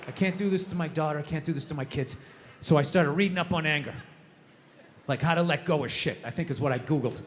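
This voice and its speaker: A male stand-up comedian ranting and swearing, swinging from low muttering to shouting. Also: fast talker. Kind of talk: stand-up routine. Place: comedy club stage. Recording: noisy stage recording with long reverb.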